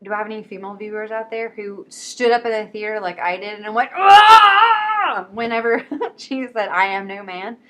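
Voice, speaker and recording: A woman talking casually and excitedly about books, quick and swearing freely. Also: mid-range voice. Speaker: book vlogger. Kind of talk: casual chat.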